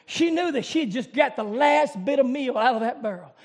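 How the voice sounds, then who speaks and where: A man preaching a revival sermon in church, shouting in a chanting, rising cadence. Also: very high voice, lively intonation, brisk.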